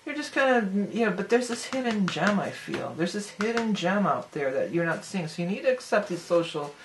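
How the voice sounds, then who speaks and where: A woman's voice: mid-range voice, very animated, a little fast, a little hiss or hum. A woman giving a casual tarot reading to the viewer, chatty and breaking into giggles between her readings of the cards. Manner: talks straight to the viewer as "you". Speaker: tarot reader.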